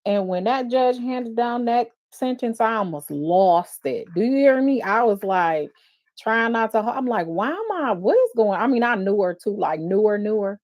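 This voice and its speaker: A woman's voice: medium pitch, moderate pace. Emotional woman host with sighs. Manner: emotional, expressive, frequent sighs. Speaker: host and defense attorney. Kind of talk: live-stream commentary.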